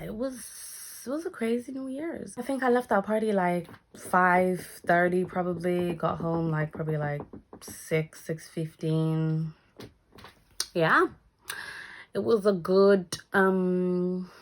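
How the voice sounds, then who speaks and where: A young woman tells a story in a casual vlog, acting out what people said with big jumps in her voice. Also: a little hiss or hum. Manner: animated, acts out quotes with big pitch jumps. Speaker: vlogger.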